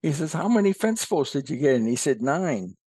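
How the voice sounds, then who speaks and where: A man co-hosting a podcast, telling a long joke in a folksy, unhurried way with fillers. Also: fairly high pitch, very animated, mellow, slightly rough, no room sound. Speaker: podcast co-host, columnist.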